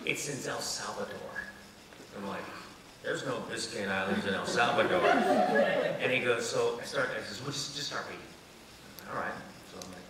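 Over a noisy crowd, a medium-pitched man speaking at a moderate pace tells comic anecdotes on a panel, acting out the voices and laughing often. He's an actor and writer, animated in an event space with an audience, recorded on a distant mic in an echoey room with background noise.

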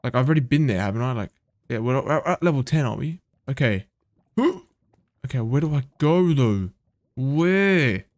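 A man giving live gameplay commentary, excitable and swearing under his breath, with sudden gasps and outbursts. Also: mid-range voice, moderate pace, dry recording. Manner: mutters to himself, swears when frustrated. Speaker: gaming video creator.

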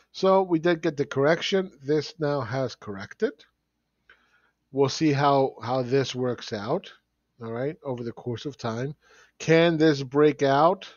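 A man's voice: fairly high pitch, no room sound, muffled recording. Blunt sarcastic man commenting on charts. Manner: blunt, sarcastic, chuckling often. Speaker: market analyst host.

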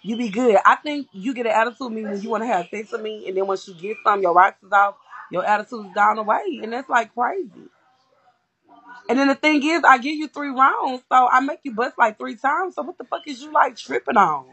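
A woman's voice: on the high side, a little fast, bright, forceful tone, husky. A woman talking bluntly and with a lot of swearing in a casual livestream chat, acting out the arguments she describes. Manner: blunt, profane, acts out quoted arguments.

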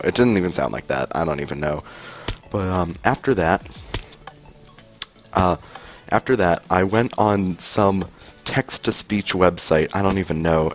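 A man rambling through a story as he comments on gameplay, with lots of fillers, restarts and laughter. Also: low-pitched. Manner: laughs often. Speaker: gaming video host.

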